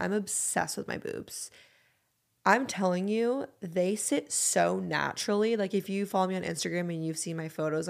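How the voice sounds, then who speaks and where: A podcast host in her thirties chats in a low, gravelly voice with a touch of vocal fry. She is frank and candid, swearing casually as she talks.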